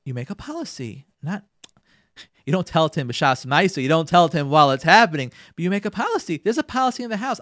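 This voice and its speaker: A slightly high, bright-toned man talks fast and animatedly while hosting a radio show on marriage advice. He speaks directly to listeners, emphatic and instructive, acting out spouses' remarks and repeating words for emphasis. Studio quality, no echo.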